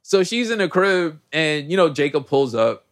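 A man's voice: on the high side, moderate pace. A man co-hosting a podcast, recapping a movie in casual slangy chat and acting out the characters' lines. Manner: animated slangy storytelling, acts out characters' lines. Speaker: podcast co-host.

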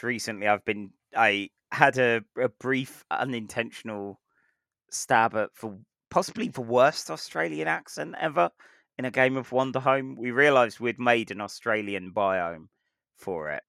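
A man's voice: lowish voice, unhurried, bright, forceful tone, clean tone, no echo. A young British man co-hosting a podcast in casual chat, laughing easily and making fun of himself. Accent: British English. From Britain. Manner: laughs easily, self-deprecating. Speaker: podcast co-host.

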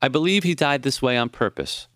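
A man reading his own memoir as audiobook narration, measured and tender. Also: mid-range voice, a bit bright, no echo, studio quality.

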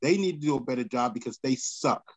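A man's voice: mid-range voice, fast talker, poor audio. A man in a casual group chat, talking bluntly and with frustration. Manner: blunt, frustrated, vents about courts.

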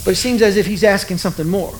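A preacher delivering a relaxed, conversational sermon. They tell stories and poke fun at themselves in a mid-pitched voice. A faint hiss of noise sits under the voice. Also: rapid-fire, low-quality recording. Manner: conversational, self-deprecating, storytelling.

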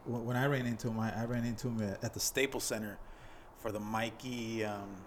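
Upbeat guy on a podcast telling a story, gets loud quoting people, light hiss. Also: fairly low pitch, fairly even intonation, brisk. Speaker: podcast co-host. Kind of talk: casual storytelling.

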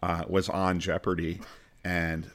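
Deep voiced guy hosting a podcast, goofy game show host energy now and then, laid back chat. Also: level tone, takes it slowly, fairly bright tone. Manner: playful, sometimes booming game-show-host delivery. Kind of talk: casual chat.

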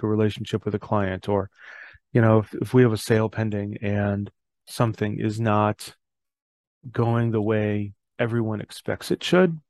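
A man's voice: on the low side, creaky, a little mellow, dry recording. A middle-aged man hosting a podcast, talking earnestly about fatherhood and faith and reading scripture aloud. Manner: earnest, reads scripture aloud, self-correcting. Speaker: podcast host. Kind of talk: reflective faith talk.

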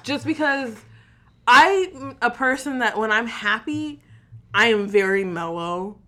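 A woman's voice: on the high side, takes it slowly. A woman co-hosting a casual podcast chat, swearing freely and breaking into laughter as she tells stories. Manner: laughs often, swears freely, animated storytelling. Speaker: podcast co-host.

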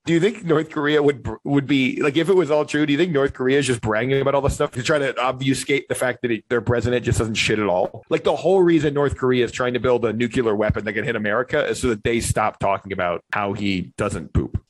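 A man co-hosting a comedy podcast, building deadpan absurd arguments and laughing along. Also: medium pitch, fast talker, hardly any pauses. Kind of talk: casual comedic banter.

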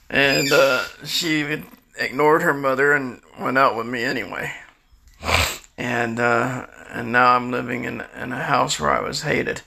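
A man's voice: mid-range voice, steady tone, measured pace, gravelly, sharp tone. A man in his sixties rambling through a candid, confessional personal monologue. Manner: rambling, confessional, restarts often. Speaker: storyteller recounting his life.

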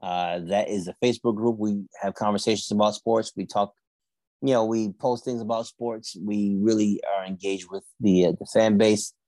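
Low-voiced man hosting a sports chat. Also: moderate pace, dry recording. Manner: steady, leads the picks and wraps up the show. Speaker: podcast co-host.

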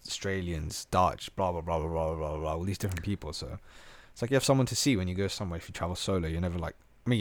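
A man telling travel stories on a podcast, animated and slangy, full of "bro" and "like". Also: low voice, dry recording. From England. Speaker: podcast host. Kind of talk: casual storytelling chat.

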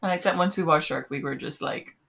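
A woman co-hosting a casual podcast with a breathy voice, firing off quick jokes and laughing often. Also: low voice, fairly bright tone.

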